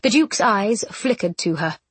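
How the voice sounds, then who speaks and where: Slightly husky woman narrating a story. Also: medium pitch, animated, a little slow, fairly bright tone, no room sound. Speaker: audiobook narrator. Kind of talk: scripted narration.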